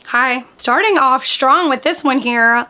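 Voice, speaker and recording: A woman book vlogger in casual reaction chat, animated and chatty, sprinkling "like" through her talk. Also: high-pitched, a little slow. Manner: chatty, animated, frequent "like" fillers.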